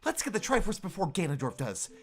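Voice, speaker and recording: A woman's voice: on the low side, very animated, quick pace, faint music behind, pitched above the performer's own voice. A woman voicing an earnest young princess, reading game dialogue in a dramatic but nearly natural voice.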